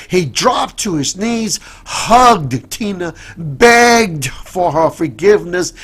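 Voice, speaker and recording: A male pastor telling a story in a sermon, dramatic and repetitive, swinging from soft to loud. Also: medium pitch, vocal fry, breathy edge.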